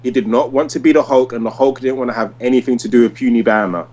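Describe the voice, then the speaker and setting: A man in his thirties co-hosting a casual podcast. He tells long, winding stories packed with "like" and restarts. His pitch sits in an ordinary middle range. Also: fast, darkish tone, lo-fi sound. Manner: rambling storyteller, heavy use of "like". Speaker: podcast co-host. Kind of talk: casual chat.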